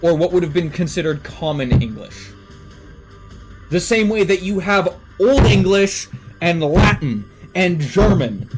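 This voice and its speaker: Streamer, mid-pitch voice, casual rambling chat full of cursing, quiet music underneath. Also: lively intonation, unhurried, rough recording. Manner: rambling enthusiastic tangents with swearing. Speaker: live streamer.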